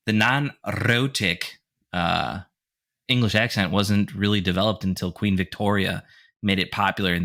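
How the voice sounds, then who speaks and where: American male podcast host; blunt, profane casual chat, low pitch, bright forceful tone.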